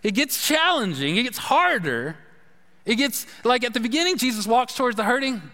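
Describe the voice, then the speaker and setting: A man delivers a sermon in a loose, conversational way. His voice sits high and sounds bright and forceful as he retells a story and plays out the voices in it. The sound carries a long reverb from a large hall. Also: moderate pace. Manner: conversational, animated storytelling with acted-out quotes. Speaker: pastor.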